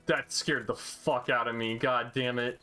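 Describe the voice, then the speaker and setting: A man's voice: medium pitch, fairly even intonation, a little slow, pushed and bright. Profane joking male streamer. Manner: profane, joking, mock-indignant. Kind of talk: casual gaming chat.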